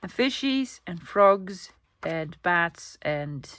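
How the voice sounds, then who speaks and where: With a low-leaning, expressive, fairly bright voice, a Netherlands-born woman whose first language is Dutch speaks very slowly to camera. She's chatty and enthusiastic, presenting her thrift-store haul and cooing over the pictures.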